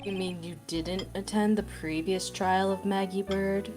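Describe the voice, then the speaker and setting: A woman's voice: mid-range voice, fairly even intonation, unhurried, over music, lightly acted. A woman reading a cool, smug masked prosecutor. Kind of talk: reading game dialogue aloud on stream.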